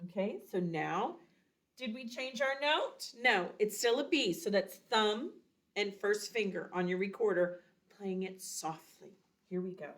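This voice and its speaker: A woman's voice: medium pitch, animated, measured pace. A woman teaching a children's recorder lesson, patiently explaining and chanting rhythms aloud. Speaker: music teacher.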